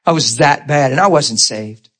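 Animated man telling a testimony. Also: medium pitch, normal speed. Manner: animated, laughs often, acts out quoted voices; conversational, rhetorical asides to listeners. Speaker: preacher giving testimony. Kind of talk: testimony sermon storytelling.

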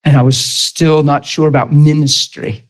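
A man preaching, retelling a story in an animated, emphatic way with lots of repetition. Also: on the high side, moderate pace, low-quality recording. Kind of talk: storytelling sermon.

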